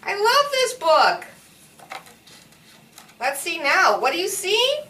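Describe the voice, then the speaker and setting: Speech therapist, woman, high lively voice, slow and coaxing, echoey room, mic far off. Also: a little hiss or hum. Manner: slow, animated, prompting word by word. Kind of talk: one-on-one speech therapy with a child.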